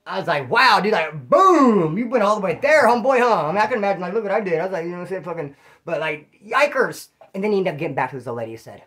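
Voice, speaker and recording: A man's voice: high-pitched, fairly bright tone. A man from California, a former prisoner, telling stories in casual slang and cursing, acting out what people said as he answers viewer questions. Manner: slangy and profane, acts out quoted speech.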